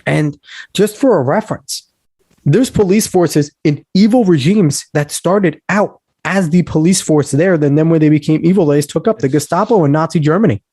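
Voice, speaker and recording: A man's voice: fairly high pitch, moderate pace, dark tone, breathy edge, no room sound. A man hosting a podcast, ranting with heated emphasis and lecturing on history. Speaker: podcast host. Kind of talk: casual podcast talk.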